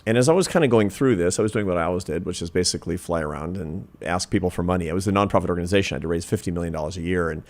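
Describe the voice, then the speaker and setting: Deep-voiced man in his fifties telling a story. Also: rapid-fire, few pauses, darkish tone. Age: 50s. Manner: earnest, reflective, builds to emphatic points. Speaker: guest, social scientist. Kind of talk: storytelling in a podcast interview.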